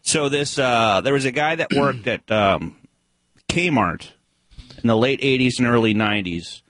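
A male radio regular tells a story in casual studio chat, pausing often and restarting his sentences. His voice is close-miked and dry, with a middle pitch. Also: fairly bright tone, no room sound. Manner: hesitant, many fillers and restarts. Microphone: studio microphone.

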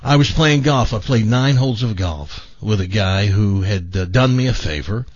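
Older guy telling a story on a talk show, kinda husky, restarts a lot, dull lo-fi sound. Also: fairly low pitch, moderate pace, no room sound. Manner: animated storyteller, stammering restarts. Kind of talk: storytelling in casual chat.

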